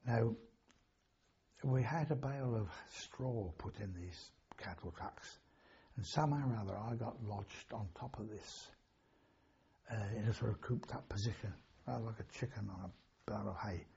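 Older man with a gravelly, husky voice. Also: fairly low pitch, moderate pace, warm tone, highs cut off. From England. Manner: rambling anecdotal storytelling with chuckles and self-corrections. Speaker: interviewee, war veteran. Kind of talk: oral history recollection.

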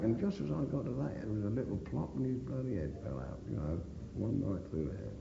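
Talking fast with few pauses, a mid-range male voice full of big pitch swings and vocal fry tells of his time at war. The older veteran is blunt and curses nonstop in this oral history interview, captured in a dull, echoing room.

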